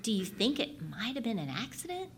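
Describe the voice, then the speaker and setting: A woman speaking as a calm, empathetic father who soothes his son gently and reassuringly. The delivery is patient and steady, with no hurry. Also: fairly high pitch, a little fast, slightly rough, heavily acted.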